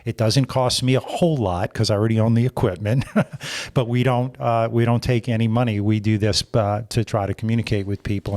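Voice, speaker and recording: A man hosting a podcast in casual chat, halting and full of filler words. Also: on the low side, darkish tone. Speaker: podcast host.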